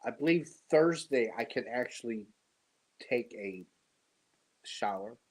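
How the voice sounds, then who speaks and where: A tired, congested man hosting a casual live stream, greeting viewers and talking slowly with many pauses and fillers. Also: mid-range voice, animated, low-quality recording. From United States. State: tired and congested after surgery. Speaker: host of a live yarn stream.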